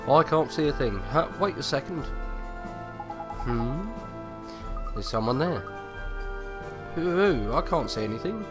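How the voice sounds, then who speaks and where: A man's voice: on the high side, animated, measured pace, pauses often. A man casually commenting on a game he is playing, joking dryly with filler words. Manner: wry, joking asides with fillers. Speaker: let's play host. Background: game music.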